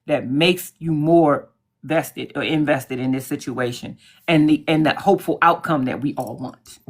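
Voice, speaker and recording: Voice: medium pitch, unhurried. Soothing, supportive livestream co-host. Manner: supportive, soothing, thanks chat viewers. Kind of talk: casual livestream chat.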